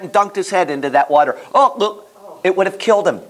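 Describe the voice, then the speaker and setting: Animated man teaching a Bible class. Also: high voice, a little fast. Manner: animated, storytelling, repeats himself, many restarts.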